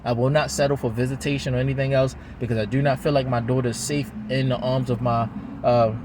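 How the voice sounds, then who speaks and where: A man's voice: mid-range voice, fairly even intonation, quick pace, noisy background. Heated, rambling man outdoors. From Baltimore, USA. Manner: heated, rambling, repetitive, swears often. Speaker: father talking to camera. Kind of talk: emotional venting monologue.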